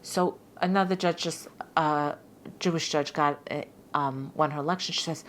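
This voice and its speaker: A middle-aged woman who is a judge tells stories as a guest in a casual podcast interview, her deep voice at a moderate pace with a little hiss or hum. She is lively, often repeats words and acts out what people said.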